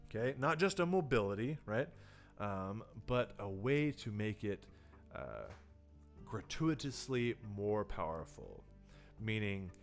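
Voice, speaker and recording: A man in a livestreamed workshop explains how to write horror for tabletop role-playing games. His voice sits at a middle pitch, but his delivery swings widely as he acts out what the players say. Faint music plays underneath. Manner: animated, often acting out players' reactions; loose and conversational, with many fillers and restarts. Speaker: tabletop game design teacher.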